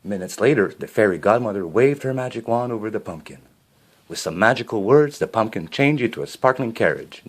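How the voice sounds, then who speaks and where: A man reading a children's storybook aloud, expressive, with a few small slips and restarts. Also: medium pitch, normal speed.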